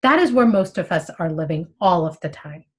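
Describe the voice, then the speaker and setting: Woman teacher, casual explanatory talk, acts out inner monologues, slightly low voice. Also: lively intonation, brisk, slightly rough. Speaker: spiritual study teacher.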